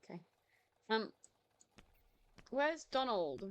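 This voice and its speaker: A woman's voice: on the high side, very animated, takes it slowly, lo-fi sound. A woman chatting casually as she streams a video game, often confused and laughing. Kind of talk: casual let's-play commentary.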